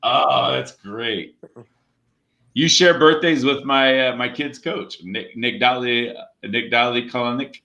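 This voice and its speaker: A man's voice: mid-range voice, slow, gravelly, bright, forceful tone, muffled recording. A man hosting a comedy show over a video call, chatting loosely, laughing and swearing casually.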